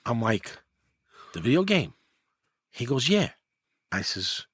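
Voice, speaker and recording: Husky middle-aged new guy spinning a story, acts out every quote, dry close sound. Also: unhurried, long pauses, dry recording. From New York. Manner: animated, acts out quotes with rising pitch. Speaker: guest, former mob enforcer. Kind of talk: casual storytelling.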